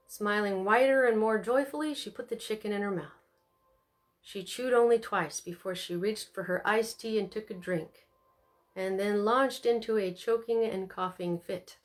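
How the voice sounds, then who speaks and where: A woman reading an audiobook aloud in an expressive, animated way, doing the characters' voices. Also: medium pitch. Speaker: audiobook narrator. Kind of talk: scripted narration.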